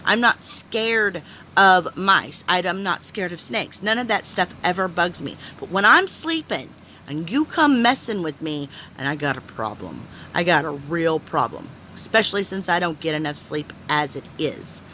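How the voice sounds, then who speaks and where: A woman's voice: fairly low pitch, lively intonation, moderate pace, pushed and bright, a little hiss or hum. A woman telling a story in a rambling, chatty way, full of "you know" fillers, sounding weary and exasperated. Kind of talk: casual story time.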